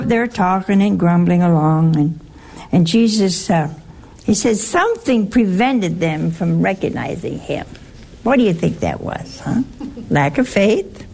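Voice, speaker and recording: Slow, gravelly woman teaching scripture. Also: medium pitch, a little mellow, slight background noise. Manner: chatty, asks the audience questions, teasing humor. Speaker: Bible study teacher. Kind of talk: informal scripture talk to a group.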